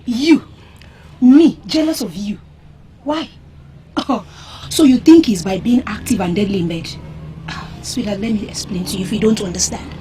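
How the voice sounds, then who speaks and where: A Nigerian actress playing a fiery, sharp-tongued young village maiden who mocks and confronts loudly. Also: female voice, medium pitch, normal speed, slight background noise, natural voice. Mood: scornful. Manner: mocking, confrontational, loud. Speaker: actor. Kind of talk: film drama acting.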